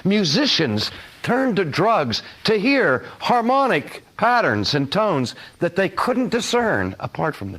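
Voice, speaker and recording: An older man giving a recorded lecture, animated and fond of acting out his examples in voices. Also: high voice. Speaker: teacher.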